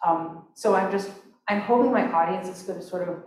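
A woman's voice: mid-range voice, brisk, a little mellow, slight background noise. A woman composer giving a talk about her opera, chatty and full of restarts and fillers. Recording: echoey hall, mic from far off.

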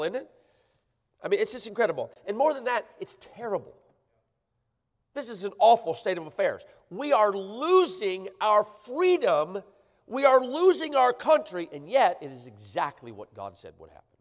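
A man preaching a sermon, emphatic and often checking in with the congregation. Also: sits high. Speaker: pastor. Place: church sanctuary. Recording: church livestream with long hall reverb.

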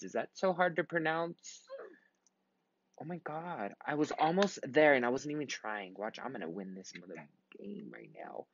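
A young man in his twenties rambles through casual gameplay commentary, sounding tired and swearing freely. His mid-pitched voice comes through a slightly dull, lo-fi home recording. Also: lively intonation, no echo. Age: 20s. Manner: rambling, swears a lot, quick outbursts. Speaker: gaming vlogger.

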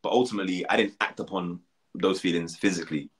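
A man's voice: deep voice, quick pace. A young man, a reality show guest talking casually in an interview, rambling and self-deprecating with lots of fillers. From United Kingdom.

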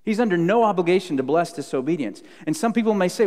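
A male pastor preaching a sermon, earnest, moving between loud emphasis and hushed low tones. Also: expressive, fast talker, big-room sound. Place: church sanctuary.

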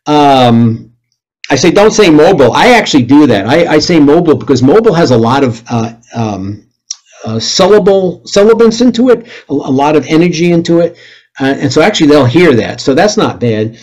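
A middle-aged man talks to a club audience in a fairly high voice. He is blunt and full of jokes. Now and then he bursts out loud as he acts out calls on the air. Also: expressive, moderate pace, poor audio. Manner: blunt, joking, acts out radio calls with sudden loud outbursts. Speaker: club presenter. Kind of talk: lively presentation talk.

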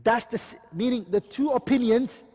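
Male teacher, high voice, lectures and quizzes students, reverberant hall sound. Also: moderate pace, darkish tone, breathy edge. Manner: explains terms and keeps asking the class questions. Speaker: Islamic studies teacher. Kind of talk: classroom lecture.

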